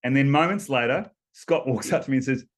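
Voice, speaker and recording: An Australian man in his fifties, a former rower, telling stories as a guest in a relaxed interview, laughing between points and restarting often. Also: mid-range voice, brisk. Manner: chatty storyteller, laughs between points, many ums and restarts. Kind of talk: casual storytelling interview.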